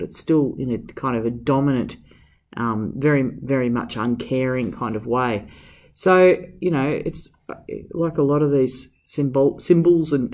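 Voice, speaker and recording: A man's voice: medium pitch, darkish tone. A man teaching literature, reading a novel aloud and analysing it in a reflective, hesitant way.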